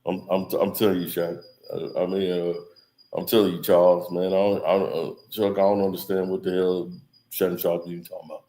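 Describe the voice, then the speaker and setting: A man putting on a gruff baffled country man. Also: low voice, little pitch movement, brisk, warm tone, pitched below the performer's own voice, lightly acted. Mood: exasperated. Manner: exasperated, grumbling, stammering restarts. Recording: echoey room.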